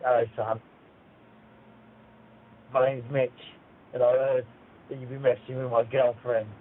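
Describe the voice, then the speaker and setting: A man on a phone line voicing a threatening male Cockney caller, an angry ex-boyfriend with a husky, mumbled voice and a put-on Cockney accent. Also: medium pitch, little pitch movement, measured pace, natural voice. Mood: menacing. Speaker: prank caller.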